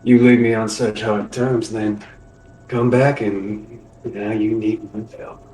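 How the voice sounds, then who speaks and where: A game master voices a shifty shapeshifting dealer in a tabletop game, sly and scornful of everyone. His voice sits at an ordinary pitch and comes from some distance off the mic. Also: normal speed, close to an everyday voice. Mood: bitter. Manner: sly, scornful deal-making.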